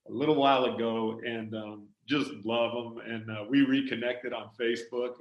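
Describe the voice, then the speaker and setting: A man hosting an interview podcast, enthusiastic and quick to laugh, talking over a remote call. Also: medium pitch, sharp tone, echoey room, rough recording. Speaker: podcast host and former coach. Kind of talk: upbeat conversational interview.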